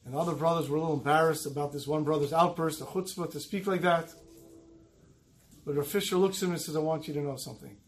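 A man with a high voice delivers a Torah class as a story. He voices each character in turn, climbing when they plead and sinking almost to a murmur at the grave moments. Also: a little hiss or hum, low-quality recording. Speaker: rabbi teaching a Torah class.

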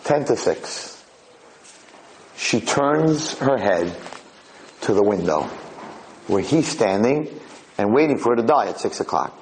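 A man telling a dramatic story in a lecture, animated and acting out the characters' voices. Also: on the low side, takes it slowly, long pauses, a little hiss or hum, rough recording.

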